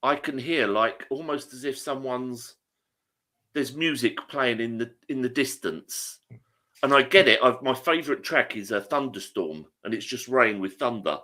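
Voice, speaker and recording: A man's voice: mid-range voice, pushed and bright. A man co-hosting a casual chat show, talking in a playful, chatty way. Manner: chatty, playful, quick to laugh. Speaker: show co-host.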